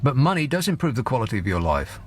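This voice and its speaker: A man's voice: mid-range voice, very animated, fast. A man hosting a radio phone-in, sardonic and teasing as he pushes back on a caller. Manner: sardonic, dry, teasing pushback.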